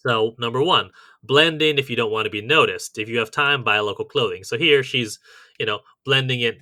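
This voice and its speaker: A male podcast co-host talks in a casual, methodical way, working through a list point by point. His voice has a bright, forceful edge. The sound is dry and close on the podcast mic. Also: medium pitch, brisk, no echo. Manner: methodical, reads out lists of tips. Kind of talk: casual chat.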